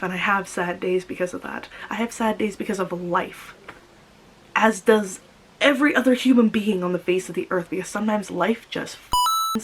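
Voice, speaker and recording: A young woman talks straight to her camera while crying, her voice low and unsteady. She halts, restarts and repeats herself as she works through her grief. A faint hiss sits under the recording. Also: little pitch movement, poor audio. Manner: emotional, halting, repeats herself. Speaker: vlogger. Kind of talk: personal confessional vlog.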